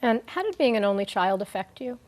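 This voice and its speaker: A woman's voice: a little high, sing-song, brisk. A woman interviewer reading a scripted introduction and asking short questions, with frequent listening mm-hmms.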